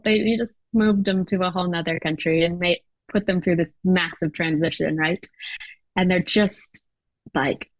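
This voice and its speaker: A woman's voice: mid-range voice, no room sound, poor audio. A chatty American woman talking as a podcast guest, her voice sitting in an ordinary middle range. She fills her speech with "like" and "you know," and the sound is close and dry with no room around it. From United States. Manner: chatty, many fillers and laughs. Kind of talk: casual interview chat.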